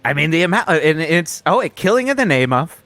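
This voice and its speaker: A goofy morning rock radio sidekick with a fairly high, bright, tense voice. He rambles through silly asides in a dry, close studio sound with faint music underneath. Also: sing-song, brisk, no room sound. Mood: banter. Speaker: radio DJ co-host. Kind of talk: improvised comedy radio banter.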